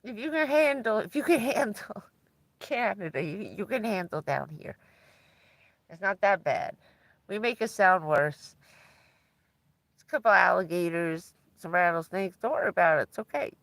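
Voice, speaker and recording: A woman's voice: mid-range voice, animated, moderate pace, fairly bright tone, no room sound. A woman livestreaming from inside her van, chatting casually with viewers and laughing often as she tells stories.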